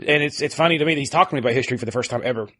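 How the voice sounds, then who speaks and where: A man's voice: mid-range voice, rapid-fire, a bit bright, no echo. A man co-hosting a podcast, telling stories casually with lots of laughter and swearing. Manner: laughing, swearing, rambling storyteller. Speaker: podcast co-host.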